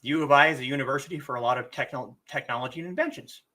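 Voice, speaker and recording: A livestream host teaches a casual lesson at a slow, deliberate pace, their medium-pitched voice sharp in tone. A cough has left them slightly hoarse, and they keep clearing their throat.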